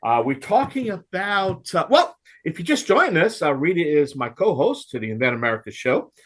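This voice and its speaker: A man's voice: a little high, very animated, moderate pace. A man with a Cajun accent hosting a home improvement radio talk show, folksy and ranting.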